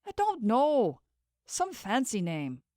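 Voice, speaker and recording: A woman's voice: on the high side, wildly swooping pitch, slow, dark tone, dry recording, clean studio sound, voice pushed up, heavily acted. A woman voicing an injured young man who talks groggily with slurred words, read in an audiobook. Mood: groggy.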